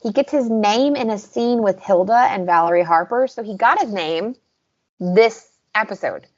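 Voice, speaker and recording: A woman's voice: medium pitch, normal speed, highs cut off. A woman with a Southern US accent, co-hosting a podcast in casual chat, going over scenes in detail. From American South. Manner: chatty, recaps scenes in detail. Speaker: podcast co-host.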